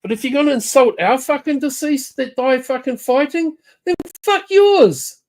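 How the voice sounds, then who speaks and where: A woman's voice: high-pitched, brisk, a little mellow. Furious swearing New Zealand woman. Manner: heated, swearing constantly, jabbing at named people. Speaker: livestream chatter. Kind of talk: angry profane rant.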